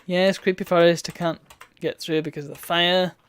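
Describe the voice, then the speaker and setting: A streamer plays through an old adventure game, reading its prompts aloud and adding dry, bemused remarks. The voice is mid-pitched and conversational. Faint noise and keyboard clicking sit behind it. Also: steady tone, normal speed. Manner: wry, bemused asides between read-out lines.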